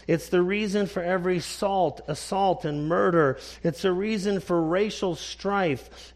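A man preaching a sermon, emphatic and repetitive, clearing his throat now and then. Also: sits high, expressive. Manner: emphatic, slow preaching with repeated phrases. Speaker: pastor.

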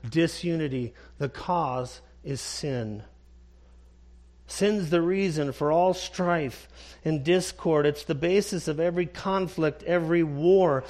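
A man preaching a sermon, emphatic and repetitive, clearing his throat now and then. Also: a little high, darkish tone. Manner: emphatic, slow preaching with repeated phrases. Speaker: pastor.

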